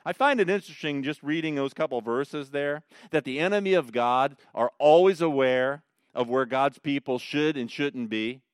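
A middle-aged male pastor preaching a sermon and reading scripture, swinging between hushed repetition and loud, emphatic points. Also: mid-range voice, moderate pace, clear, resonant tone, no room sound, studio quality. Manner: repeats phrases for emphasis.

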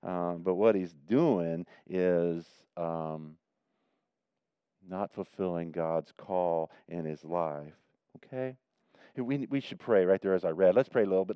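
A man preaching a sermon in a church, swinging between loud emphatic questions and soft, quiet prayer. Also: low-pitched, slow pace, clean tone, no echo, muffled recording. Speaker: pastor.

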